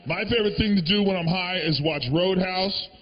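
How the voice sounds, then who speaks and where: A man doing a stand-up comedy set on a live stage, brash and profane, breaking into shouted rants into a handheld mic. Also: sits high, normal speed, big-room sound, a little hiss or hum. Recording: dull lo-fi live recording.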